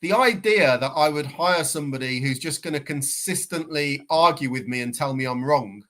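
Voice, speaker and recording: A man's voice: fairly high pitch, moderate pace, a bit bright. A man on a football fan podcast, emphatic and argumentative, who stumbles over the first words of his points. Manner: emphatic, argumentative, stammers when starting. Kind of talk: casual fan chat.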